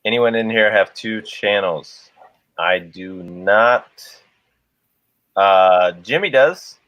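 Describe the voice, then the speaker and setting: A man's voice: lowish voice, slow pace, a bit bright, no room sound, muffled recording. A man co-hosting a casual livestream, rambling and laughing as he talks to the chat. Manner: rambling, laughs often, restarts a lot. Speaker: livestream co-host.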